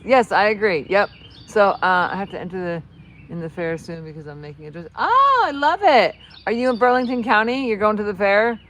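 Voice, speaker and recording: Outdoors with her horses, a livestream host chats casually with her viewers in a New Jersey accent, rambling and laughing frequently. Her mid-range voice has a fairly bright tone, with slight background noise around it.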